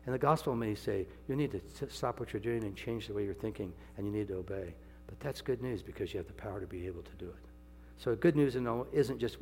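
Older man, sermon, gravelly voice, jokey asides, sudden loud peaks, hall echo. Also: expressive, quick pace. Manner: folksy, joking, swings from low asides to loud high exclamations. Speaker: preacher. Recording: long hall reverb, faint hum.

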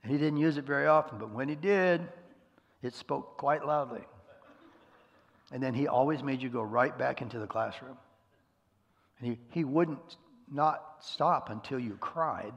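A middle-aged man delivers a folksy, self-deprecating sermon in a husky, gravelly voice. His words ring out with the long reverb of a big hall. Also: medium pitch, unhurried, long pauses, dull audio. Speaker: pastor. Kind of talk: conversational sermon.

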